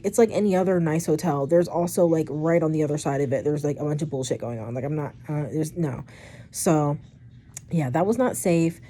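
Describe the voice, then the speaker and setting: A young woman casually retelling a personal story for her vlog, chatty and rambling, with frequent swearing and animated asides. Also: low voice, a little hiss or hum. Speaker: storytime vlogger.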